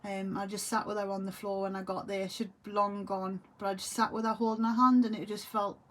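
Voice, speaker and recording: A woman's voice: medium pitch, flat delivery, a bit bright. Grieving woman. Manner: halting, trailing off, repeating herself. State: grieving, tearful. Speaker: vlogger. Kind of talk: emotional monologue to camera.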